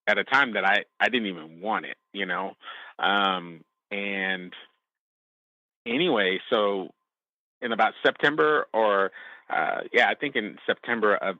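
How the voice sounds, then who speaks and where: A man sharing a personal testimony as a podcast guest, speaking in a halting, reflective way with frequent restarts. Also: deep voice, dry recording, lo-fi sound.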